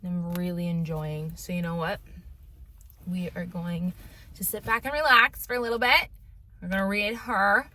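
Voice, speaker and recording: A woman's voice: fairly low pitch, steady tone, moderate pace. A woman in her twenties chatting casually on a book vlog, gushing and repeating herself. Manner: gushing, repeats herself, says "dude" and "y'all". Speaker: book vlogger. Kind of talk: casual reading vlog chat. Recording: loud background noise, distant from mic.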